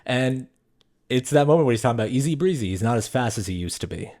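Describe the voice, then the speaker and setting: A man's voice: medium pitch, fast talker. A young man co-hosting a podcast, chatting casually about a movie and acting out its quotes. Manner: animated, acts out movie quotes. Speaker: podcast co-host. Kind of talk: casual film review chat.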